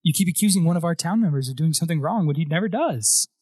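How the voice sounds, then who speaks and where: A man's voice: fairly high pitch, expressive, fast, darkish tone, breathy edge, dry recording, clean studio sound, pitched above the performer's own voice. Man playing a stern, indignant mayor's wife.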